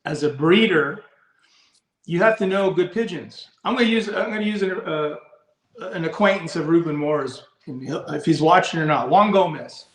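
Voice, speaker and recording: A man's voice: a little high, normal speed, roomy sound. A man who breeds and handles racing pigeons, talking in a rambling, blunt way, restarting his sentences, in a casual live discussion.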